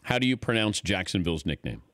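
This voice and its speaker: Male radio host, fairly low voice, lively intonation, teasing manner. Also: fast talker, very noisy. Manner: playful, teasing, laughs often. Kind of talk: casual radio interview chat.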